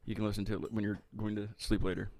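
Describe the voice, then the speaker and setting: A man's voice: lowish voice, flat delivery, fast, a little mellow, no echo. A man with a Southern US accent hosting a casual live-stream interview, rambling and stammering over repeated words. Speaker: host of a live music show.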